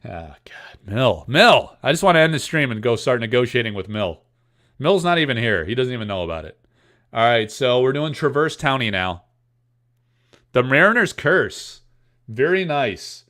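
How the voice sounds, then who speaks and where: A man hosting a live card-opening stream, chatting casually to his viewers, excitable and self-mocking. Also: medium pitch, a little slow. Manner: excitable, self-mocking, talks straight to chat.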